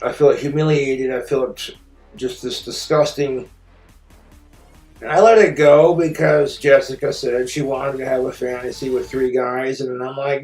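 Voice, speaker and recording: A man's voice: mid-range voice, flat delivery, a little slow, darkish tone, reverberant, faint music behind. A man in an angry personal rant, bitter, profane and indignant. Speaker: streamer telling his story.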